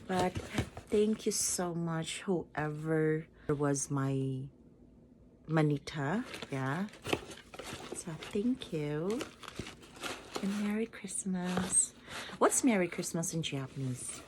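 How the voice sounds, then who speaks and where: Filipino woman vlogger, casual unboxing chat, low voice with a lively lilt, faint room hum behind. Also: slow. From Philippines. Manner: chatty, giggly, playful exclamations. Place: home in Japan.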